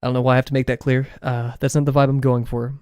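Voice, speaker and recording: A young man streaming his drawing session, rambling casually with viewers, self-deprecating and quick to laugh. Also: mid-range voice, little pitch movement, a little mellow, smooth, dry recording, clean studio sound. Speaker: drawing livestreamer.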